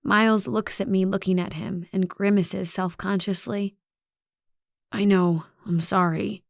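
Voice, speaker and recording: A woman narrates a young adult novel in the first person, keeping her voice soft and close. Her pitch sits in the middle range, and the recording is dry and close-miked with no room sound. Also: fairly even intonation, measured pace, vocal fry, dry recording. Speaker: audiobook narrator.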